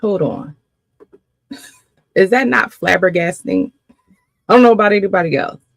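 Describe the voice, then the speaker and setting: A woman's voice: medium pitch, expressive, moderate pace, creaky, no echo. A woman faith coach giving a spirited teaching, repeating phrases for emphasis and laughing often.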